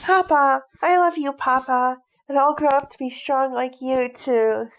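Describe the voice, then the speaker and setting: A woman's voice: fairly high pitch, slow. A woman reading a storybook aloud, voicing a cheerful, hot-headed young boy who talks eagerly. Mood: gleeful. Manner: eager and excitable.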